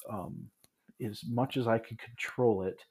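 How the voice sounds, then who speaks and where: A man in his thirties from Michigan, a podcast guest telling his story in a relaxed, reflective way, with frequent restarts and asides. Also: medium pitch, measured pace, husky. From Michigan, USA. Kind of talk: casual storytelling in an interview.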